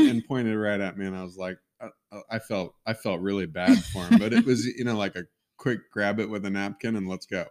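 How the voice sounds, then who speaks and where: A middle-aged man with a deep, low voice talks casually on a podcast. He tells stories in an easygoing way and laughs along as he goes. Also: animated, fairly quick, a little mellow. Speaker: podcast co-host. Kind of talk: casual chat.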